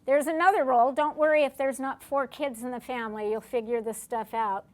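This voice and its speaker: Middle-aged woman lecturer, slightly high voice, conversational teaching style that poses questions to the room. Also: fairly even intonation, brisk. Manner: asks the audience questions, acts out short dialogues. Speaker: lecturer on family recovery. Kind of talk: classroom lecture.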